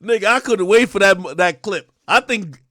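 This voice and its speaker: A man hosting a livestream, ranting casually and profanely to his chat, often shouting and laughing. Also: high-pitched, moderate pace, dry recording, clean studio sound. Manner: profane, addresses chat directly. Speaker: livestream host.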